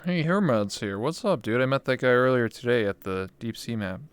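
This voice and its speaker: A man's voice: mid-range voice, expressive, a little fast, smooth, dry recording. A young Canadian man hosting a casual interview show, talking in a laid-back, rambling way with casual swearing. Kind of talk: casual chat.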